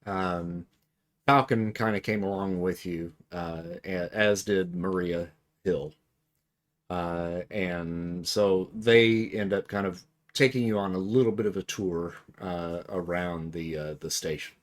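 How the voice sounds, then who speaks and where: A man narrating as game master of a tabletop game, easygoing and relaxed, with frequent "uh"s. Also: deep voice, takes it slowly. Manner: easygoing, many fillers, laughs along.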